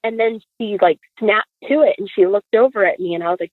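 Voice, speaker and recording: A woman tells a story in casual conversation with lively energy, acting out the dialogue as she goes. Her voice is mid-pitched and comes through a narrow, phone-like channel. The sound is dry, with no room around it. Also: fairly quick, no echo. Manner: animated, acts out quoted dialogue. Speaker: podcast guest.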